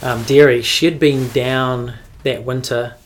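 A young man with a New Zealand accent, telling rambling stories in casual chat, full of "like" and quick laughs. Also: mid-range voice, fairly even intonation, slight background noise. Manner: rambling storytelling with frequent "like" and laughs.

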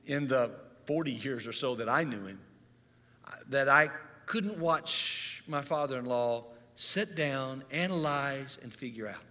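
A man's voice: a little high, sharp tone. A middle-aged man preaching a sermon, telling a story in an earnest way that builds in intensity. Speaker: pastor. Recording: long hall reverb.

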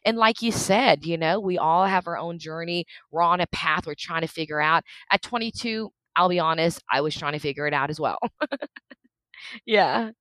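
Woman, thirties, low voice, dry close sound, earnest, laughs often. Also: normal speed, fairly bright tone, dry recording. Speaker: interview guest. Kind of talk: candid interview conversation.

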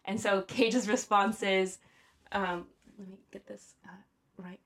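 A young woman recounts a story on a casual podcast, chatty and loose. Her talk is full of "like" and "um", and she laughs easily. Her pitch sits in a middle range. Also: steady tone, a little slow, fairly bright tone. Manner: chatty, lots of "like" and "um", laughs often. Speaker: podcast host.

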